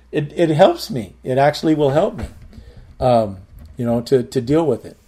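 Man, pastor, Bible study teaching, mellow warm tone, casual and halting. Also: mid-range voice, expressive, breathy edge. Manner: conversational, halting with repeated words.

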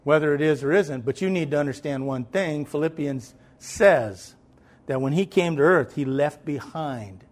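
A man's voice: on the high side, normal speed. A man preaching a sermon in a loose, conversational way, with many fillers and swells of emphasis.

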